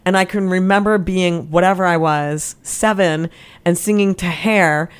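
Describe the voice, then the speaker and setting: Animated storytelling woman, lowish voice. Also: a little slow, smooth. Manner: animated storyteller, acts out quotes with laughs and gasps. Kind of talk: casual conversation.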